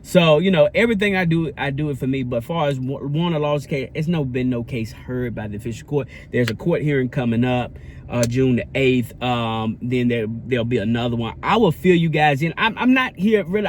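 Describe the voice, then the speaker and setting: A man's voice: mid-range voice, fairly quick, a little hiss or hum. A man vlogging in a casual, preachy style, earnest and repetitive, with a sermon-like cadence. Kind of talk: casual preachy vlog talk.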